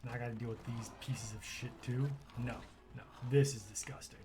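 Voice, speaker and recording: Male streamer, mid-pitched, foul-mouthed, quick to rant at the game; faint noise behind. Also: steady tone. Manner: swears often, rants and yells at the game. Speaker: gaming streamer. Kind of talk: casual game commentary.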